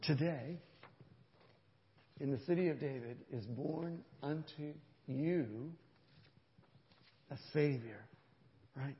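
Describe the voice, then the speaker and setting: A man preaching a sermon as pastor, emphatic, swelling louder on key points and often checking in with "right?". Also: on the high side, slow, long pauses, big-room sound, highs cut off. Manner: emphatic, rises in volume for key points, frequent "right?" asides. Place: church sanctuary.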